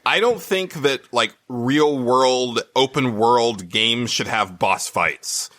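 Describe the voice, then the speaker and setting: Bright-voiced, opinionated podcast man. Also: medium pitch, slow, no echo, studio quality. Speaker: podcast co-host. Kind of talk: casual chat about video games.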